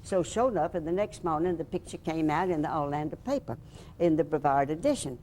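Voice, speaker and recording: An older woman reminisces in a low, deep voice, spinning a lively anecdote and acting out the people in it. She talks in a chatty interview manner with a faint hiss of noise behind her. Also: fairly quick. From Alabama, USA. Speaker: interviewee, former radio host and reporter. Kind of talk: storytelling reminiscence.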